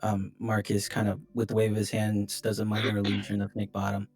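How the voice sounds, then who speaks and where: A man's voice: on the low side, monotone, fairly quick, darkish tone, soft background music. A man playing a tabletop game, talking hesitantly and thinking aloud with many fillers. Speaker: player.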